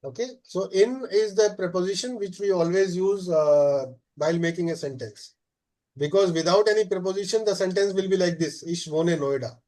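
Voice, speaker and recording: Male German teacher, fairly high voice, patient and halting, keeps asking "okay?". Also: a little mellow. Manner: explains slowly, checks with frequent "okay?"; many "uh" fillers. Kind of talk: live class lesson.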